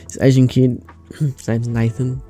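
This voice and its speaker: A man's voice: medium pitch, level tone, unhurried, warm tone, soft background music. A young man with an Australian accent chatting casually to camera in a vlog, rambling, slangy and sweary. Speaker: vlogger.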